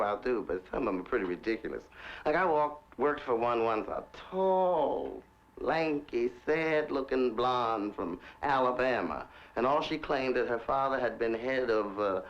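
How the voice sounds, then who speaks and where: A man telling candid stories to the camera in a camp, flamboyant way, laughing often as he talks. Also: medium pitch. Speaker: interviewee telling life stories. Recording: dull 1960s film recording.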